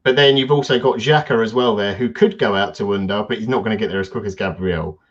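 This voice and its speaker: Low-voiced man in his thirties. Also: fast, muffled recording. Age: 30s. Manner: blunt, chatty analysis. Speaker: podcast co-host. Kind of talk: casual football chat.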